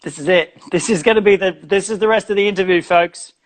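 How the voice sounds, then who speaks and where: A man plays a sardonic felt puppet comedian with an Australian accent, pitched rather high. He banters in a dry, self-mocking way, wandering off into asides. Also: fast talker, a little hiss or hum, natural voice. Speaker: guest comedian.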